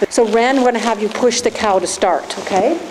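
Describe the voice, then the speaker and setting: A woman with a fairly high voice coaches riders live, giving steady directions and encouragement. She is recorded in an echoey indoor arena with faint background noise. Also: brisk. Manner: encouraging, directive, talks through instructions. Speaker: riding instructor. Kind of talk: live coaching during a riding lesson.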